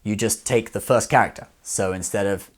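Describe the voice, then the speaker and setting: A man explaining phrases in a relaxed video lesson, often checking in with "okay?". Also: lowish voice, a little fast. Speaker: Chinese language teacher.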